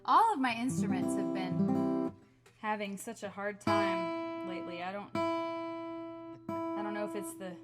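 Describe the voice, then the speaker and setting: A woman's voice: medium pitch, measured pace, pauses often, loud music behind the voice. A woman hosting her band's livestream from home, chatting casually with lots of laughs and fillers, recorded on a webcam. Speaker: band member hosting a livestream.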